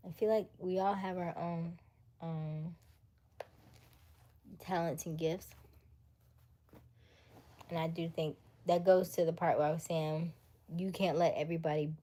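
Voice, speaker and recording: A woman from the United States hosting a casual late-night livestream, chatting with viewers, reading their comments and dropping into soft whispers. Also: fairly low pitch, steady tone, a little slow, pauses often. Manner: chatty, laughs often, reads viewer comments aloud; drops into soft whispers between remarks. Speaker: livestream host.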